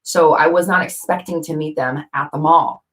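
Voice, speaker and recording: A woman's voice: deep voice, steady tone, moderate pace. A woman vlogger talking casually to camera, rambling with fillers and self-corrections.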